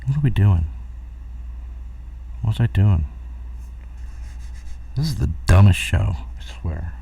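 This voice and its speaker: A man's voice: low voice, lively intonation, slow, gravelly, mellow, far from the mic, a little hiss or hum. A middle-aged man hosting a rambling solo live stream from home, distracted and chuckling at his own jokes. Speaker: host of a live talk stream.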